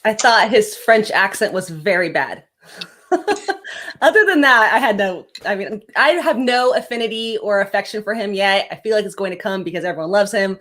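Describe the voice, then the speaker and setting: A woman's voice: mid-range voice, animated, moderate pace, fairly bright tone. A woman in a casual live-streamed chat, wry and blunt and laughing at her own jokes, on a video call.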